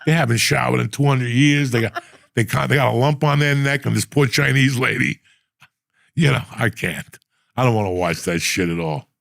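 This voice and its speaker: A man's voice: medium pitch, moderate pace, gravelly, a bit bright, dry recording, studio quality. A middle-aged man hosting a casual talk show, telling rambling, profane stories. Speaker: podcast host. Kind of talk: casual storytelling chat.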